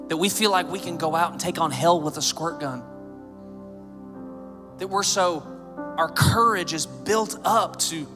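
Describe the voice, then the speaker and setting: Pastor, man, 30s; conversational sermon with jokes, emphatic build-ups; hall reverb, faint music under. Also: sits high. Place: church sanctuary.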